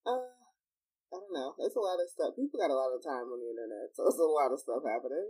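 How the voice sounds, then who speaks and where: A man's voice: mid-range voice, expressive, fast, warm tone, low-quality recording. A man co-hosting a podcast in casual chat, laughing often between remarks. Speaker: podcast co-host. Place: home.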